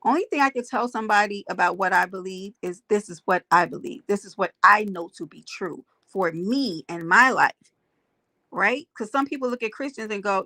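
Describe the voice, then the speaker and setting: A woman's voice: medium pitch, brisk, pushed and bright, no echo. A woman hosting a casual livestream, greeting viewers by name and making emphatic points to her chat. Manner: emphatic, preachy asides. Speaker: livestream host.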